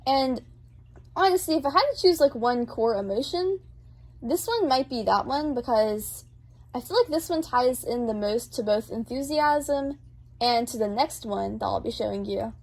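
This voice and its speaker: A woman's voice: a little high, animated, normal speed, a little mellow. A woman talking chattily over a speedpaint video, bubbly and rambling, with lots of filler words. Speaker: art channel host.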